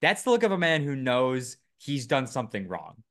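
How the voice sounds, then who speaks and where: A man's voice: medium pitch, very animated, moderate pace, a bit bright. A man co-hosting a casual podcast, reading news items aloud with lots of fillers and joking asides. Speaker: podcast co-host. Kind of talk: casual chat.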